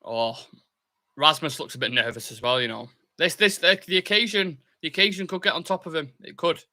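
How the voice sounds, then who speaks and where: A young man hosts a live football watchalong for his fan channel, his fairly high voice moving briskly. He chats casually, reads viewer comments aloud, and breaks into excitable bursts cheering on his team.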